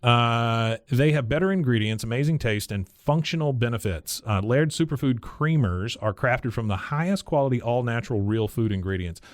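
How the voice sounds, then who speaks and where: A man's voice: mid-range voice, animated, normal speed, few pauses, no room sound, clean studio sound. A man co-hosting a podcast, reading a sponsor spot in a chatty, conversational way. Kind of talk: casual ad read.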